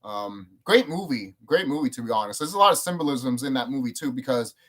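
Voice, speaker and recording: A man rambling casually to the camera, swearing often and jumping up in pitch when he gets excited. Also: a little fast. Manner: rambling, profane, excitable, with sudden jumps up in pitch. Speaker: video creator. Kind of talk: casual monologue.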